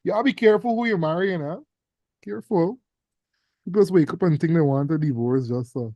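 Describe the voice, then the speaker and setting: A man teaching a casual exam revision class, teasing students with loud bursts. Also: a little high, fairly quick, no room sound, highs cut off.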